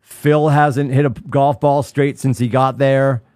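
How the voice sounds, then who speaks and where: A man's voice: medium pitch, slow pace, dry recording, clean studio sound. Rambling middle-aged man chatting. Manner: rambling, animated, lots of restarts. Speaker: podcast co-host. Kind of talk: casual chat.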